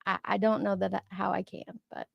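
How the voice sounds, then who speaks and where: A woman's voice: medium pitch, flat delivery, moderate pace, creaky, breathy edge, no room sound, lo-fi sound. A woman hosting a casual livestream chat, emphatic and repeating words when worked up. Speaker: livestream host.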